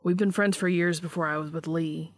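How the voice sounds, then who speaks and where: Woman voicing a gentle, coaxing young man. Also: fairly low pitch, fairly even intonation, a little fast, close to an everyday voice. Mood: tender.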